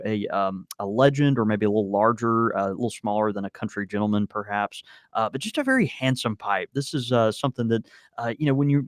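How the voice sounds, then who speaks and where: A man co-hosting a casual podcast, talking in a halting way with many fillers and restarts. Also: mid-range voice, dry recording, studio quality. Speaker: podcast co-host. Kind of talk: casual chat.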